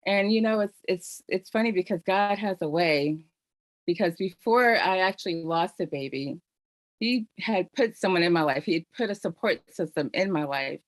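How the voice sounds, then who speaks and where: A woman's voice: on the low side, lively intonation, moderate pace, dry recording. A middle-aged woman hosting a virtual panel, telling her own story in an earnest, heartfelt way full of "you know" fillers, over a video call microphone. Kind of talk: personal testimony on a virtual panel.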